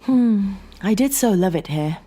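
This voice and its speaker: Woman doing a clingy, sorrowful estranged wife, husky and emotional, for a horror audiobook. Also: mid-range voice, expressive, a little slow, mellow, voice pushed up. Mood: wistful. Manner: pleading, tearful.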